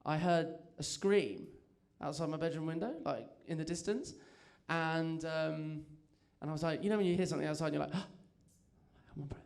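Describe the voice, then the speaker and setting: A man's voice: fairly high pitch, brisk, creaky, hardly any pauses, a little mellow, clean tone. A young man doing a chatty, self-mocking stand-up set on a comedy club stage, telling stories with lots of energy.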